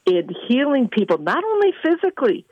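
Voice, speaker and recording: A woman minister, a guest, telling faith testimonies in an animated way and acting out the people she quotes. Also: high-pitched, fairly quick, no room sound, dull audio. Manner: animated, acts out quoted voices. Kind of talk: testimony storytelling.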